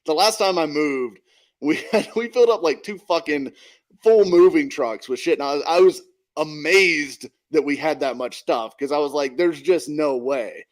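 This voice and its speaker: A man's voice: a little high, moderate pace. A man co-hosting a casual sports podcast, easygoing and agreeable, swearing casually as he talks football. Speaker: podcast co-host.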